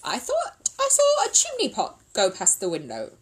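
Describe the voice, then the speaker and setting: A woman voicing a brisk, bossy housekeeper who exclaims sharply. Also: a little high, wildly swooping pitch, slight background noise, voice pushed up. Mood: alarmed.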